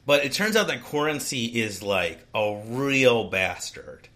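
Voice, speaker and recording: A man's voice: mid-range voice, expressive, a little slow, bright, forceful tone. A man co-hosting a casual book discussion podcast, summarizing the plot in a rambling way with frequent restarts. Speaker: podcast co-host.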